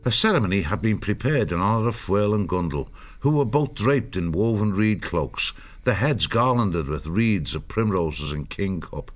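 A man narrating an audiobook with a steady storytelling delivery. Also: on the low side, moderate pace, soft background music.

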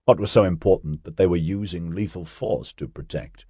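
Guy doing a smug tv interviewer, keeps pushing, low gravelly-ish dry voice. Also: normal speed, dark tone, no room sound. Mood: probing, mocking. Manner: probing, needling questions. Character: pushy male news interviewer, mocking and persistent. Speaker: journalist.

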